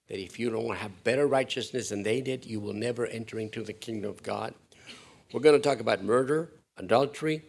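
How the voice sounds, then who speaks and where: A man preaching a sermon to his congregation, animated, joking with them and rising to loud, emphatic peaks. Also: medium pitch. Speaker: pastor.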